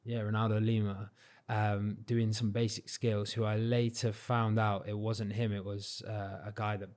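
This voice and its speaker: A young man from Cornwall with a general English accent and a fairly low voice talks casually as a guest. He sounds relaxed and modest and leans on fillers like "you know" as he tells his stories. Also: moderate pace. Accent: English, not Cornish. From Cornwall, England. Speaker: guest, freestyle football champion. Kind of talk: casual interview chat.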